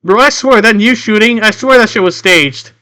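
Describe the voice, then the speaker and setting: Bright, clear-voiced rambling game master. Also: male voice, high-pitched, normal speed. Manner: rambling, many restarts and off-topic asides. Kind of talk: casual narration of a tabletop game.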